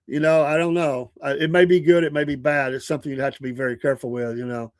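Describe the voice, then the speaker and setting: Southern guy in his 60s hosting a morning stream, rambly and earnest, kinda high voice, dry close sound. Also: flat delivery, fast, dry recording. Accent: Southern American. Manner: rambling, earnest, with frequent restarts and chuckles. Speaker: morning show host. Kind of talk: casual livestream chat.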